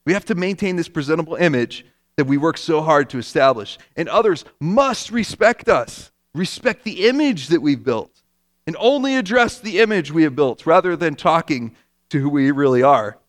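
A man's voice: fairly high pitch, animated, moderate pace, no room sound, studio quality. A man preaching a sermon as pastor, conversational and emphatic, repeating his key points.

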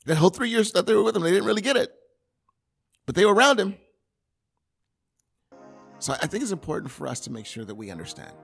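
Animated conversational male preacher. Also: high voice, quick pace, vocal fry, long pauses, husky, soft background music. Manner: animated, conversational, folksy examples. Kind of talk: sermon.

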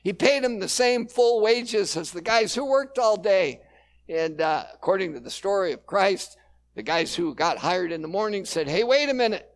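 High-voiced pastor telling stories in a sermon. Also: male voice, expressive, moderate pace. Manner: conversational storytelling with frequent "uh" fillers.

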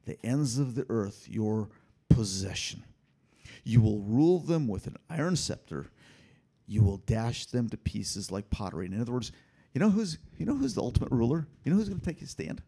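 A man preaching a sermon, his husky voice climbing and falling in lively swings. He punches key lines loudly, then drops to near-hushed asides. The delivery is direct and animated throughout. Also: medium pitch. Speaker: pastor.

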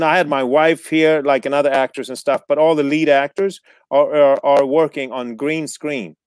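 A man chats casually, telling lively stories, cursing freely and acting out the people he quotes. His voice sits a little on the high side. The sound is dry and close, with no room echo. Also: smooth. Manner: animated, swears freely, mimics others in quotes. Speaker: actor guest. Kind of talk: casual storytelling chat.

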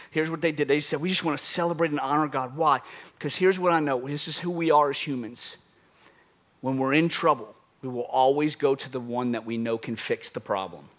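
A man's voice: fairly high pitch, fairly bright tone. A man preaching a sermon, building his point with repeated phrases and acting out little phone calls. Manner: dramatic, acts out phone calls, repeats for emphasis. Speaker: pastor.

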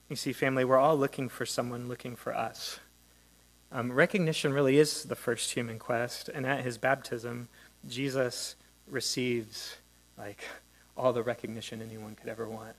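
A man's voice: medium pitch, steady tone, normal speed, fairly bright tone, rough recording. A man preaching a sermon in a conversational, reflective way, often asking his listeners questions. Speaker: pastor.

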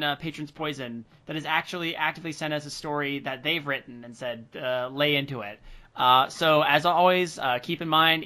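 Forceful rambling male podcast host. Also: on the high side. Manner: rambling, filler-heavy, upbeat. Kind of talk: casual podcast chat, reading listener mail.

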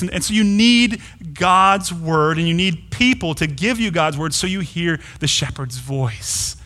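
Man, pastor, sermon, bright tone, earnest, emphatic repetition. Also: on the high side.

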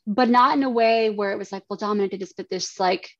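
A woman in her thirties shares her own story as a podcast guest, speaking in an earnest, halting way. Her voice carries a gravelly fry. The recording is dry, with little room sound, and a bit dull. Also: mid-range voice, a bit bright, no room sound. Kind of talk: personal testimony in a podcast interview.

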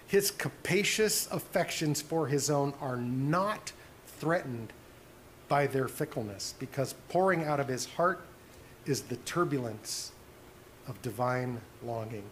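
A man preaching a sermon as pastor, earnest, dropping to soft hushed tones on tender points. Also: mid-range voice, animated, slow pace, slight background noise.

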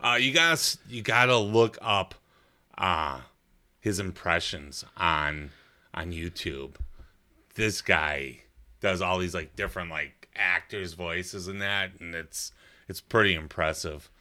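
A man with a very low voice and a bright, forceful edge to it, talking casually with friends. He tells stories with animation and now and then slips into cartoon voices. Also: takes it slowly. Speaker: podcast co-host. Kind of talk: casual chat.

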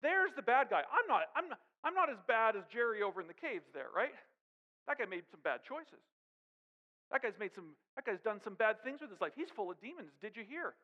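A man preaching a sermon in an animated way, with joking asides and questions to the congregation. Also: extremely high pitch, a little fast, big-room sound, dull audio. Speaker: pastor.

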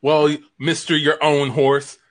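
A man's voice: fairly high pitch, flat delivery, slow. A man doing an improv comedy scene on a livestream. He sounds exasperated and laughs often. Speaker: improv performer and stream host.

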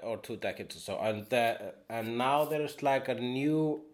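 A man's voice: mid-range voice, moderate pace. A man hosting a podcast, chatting casually in a rambling way, full of fillers and the odd curse. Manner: rambling, swears freely, many fillers. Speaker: podcast host. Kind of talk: casual conversation.

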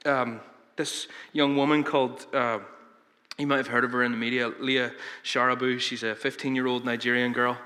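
A man's voice: mid-range voice, level tone, normal speed, sharp tone. A man preaching a sermon as pastor, earnest and emphatic, with frequent fillers and restarts. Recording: long reverb of a large hall.

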